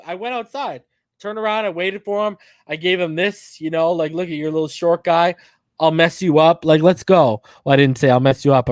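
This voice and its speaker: Animated man telling a story. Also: on the high side, clear, resonant tone, no room sound. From northern US. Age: 30s. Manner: animated, profane, slangy. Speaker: podcast host. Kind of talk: casual storytelling.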